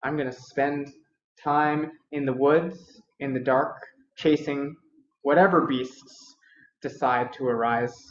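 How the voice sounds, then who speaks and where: A man's voice: mid-range voice, steady tone, slow, lightly acted. A man voicing a proud king who talks in a casual, dismissive way. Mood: breezy. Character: proud king, offhand and breezy. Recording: roomy, dull lo-fi recording.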